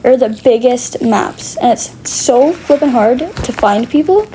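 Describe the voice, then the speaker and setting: A woman's voice: fairly high pitch, expressive, a little slow, mellow, a little hiss or hum, low-quality recording. A woman giving dramatic, exclamatory gameplay commentary as she plays. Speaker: gamer.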